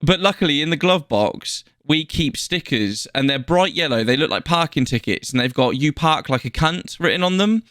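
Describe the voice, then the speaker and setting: A man's voice: fairly high pitch, lively intonation, normal speed, hardly any pauses, a bit bright, dry recording, clean studio sound. A man co-hosting a podcast, telling stories bluntly in casual chat with frequent swearing. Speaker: podcast co-host.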